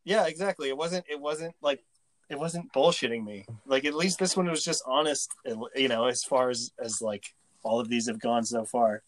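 A man's voice: mid-range voice, normal speed, no room sound. A man in a mid-range voice hosts a casual podcast, joking around while he steers the talk. The sound is dry and close, with no room around it. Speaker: podcast host.

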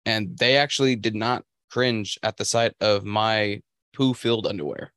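A young man co-hosting a podcast, telling a story in casual chat with halting restarts. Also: fairly low pitch, fairly bright tone, no echo, studio quality. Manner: storytelling, halting restarts, puts on voices for quotes. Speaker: podcast co-host.

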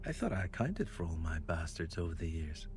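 A man's voice: sits low, very animated, fairly quick. An actor playing a menacing, damaged villain man with a hybrid Irish and British lilt, creepy and mocking. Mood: taunting. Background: score music.

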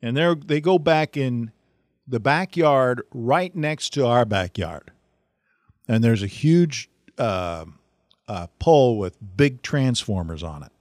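A middle-aged man hosting a podcast, telling a funny story in a casual, animated way and laughing often. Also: medium pitch, slow, no room sound, clean studio sound. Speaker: podcast host.

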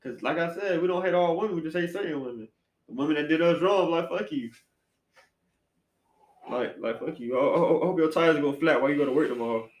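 A man hosting a casual podcast chat, animated and slangy, swinging between loud bursts and quiet asides. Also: on the high side, quick pace. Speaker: podcast host. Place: apartment room. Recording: echoey room.

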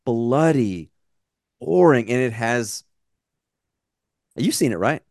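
Animated American man in his forties. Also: mid-range voice, slow pace, no echo, clean studio sound. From United States. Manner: animated, swearing, rambling tangents. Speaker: podcast co-host. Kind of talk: casual chat.

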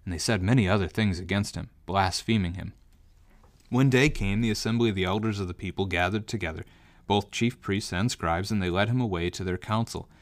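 Low-voiced man reading scripture. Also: dry recording. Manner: measured, even narration. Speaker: scripture reader.

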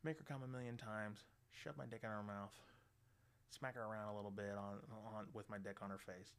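Man, middle-aged, podcast host, lowish voice, crude rambling joke telling. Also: fairly even intonation, fairly quick, clear, resonant tone. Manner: rambling, profane, lots of "you know" fillers.

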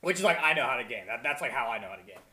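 A man's voice: medium pitch, expressive, racing, sharp tone. A man hosting a casual podcast, rambling with lots of fillers and casual swearing. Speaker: podcast host.

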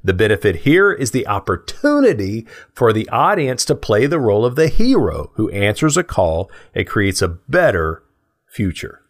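A male podcast co-host who explains ideas in a measured, thoughtful way. His voice has a lively, varied pitch, and he laughs easily between points.

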